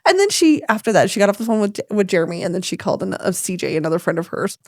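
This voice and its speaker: A woman co-hosting a podcast, telling a story in a casual, animated way and acting out what people said. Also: fairly low pitch, rapid-fire, no echo, studio quality. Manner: animated storyteller, acts out quoted voices. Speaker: podcast co-host.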